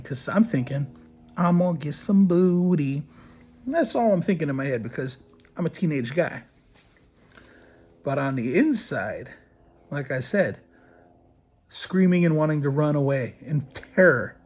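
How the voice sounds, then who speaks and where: In a casual storytelling bit, this middle-aged podcast host and body piercer swears his way through a crude tale, animatedly voicing what others said. He talks at normal speed in a slightly high, breathy voice, pausing often.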